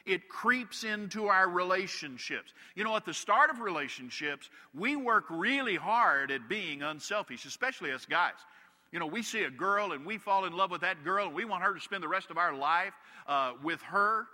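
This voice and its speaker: A man's voice: high-pitched, animated, normal speed, sharp tone. A man preaching a sermon as a pastor, telling humorous stories to make his point. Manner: storytelling with humorous anecdotes. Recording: long hall reverb.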